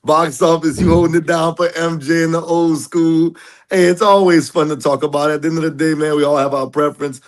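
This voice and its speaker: A man's voice: on the high side, steady tone, fairly quick. A man hosting a casual sports debate over an online call, teasing his co-hosts, laughing a lot and using slang. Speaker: show host.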